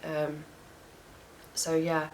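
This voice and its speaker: A young woman telling a story in a casual rant, frank and animated, swearing often. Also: sits low, drawn-out words, slight background noise, rough recording. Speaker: vlogger.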